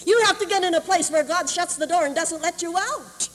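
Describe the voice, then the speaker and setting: A woman preacher telling a sermon story, animated and acting out voices, on an old camp meeting tape. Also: extremely high pitch, brisk. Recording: 1981 camp meeting tape, roomy hall.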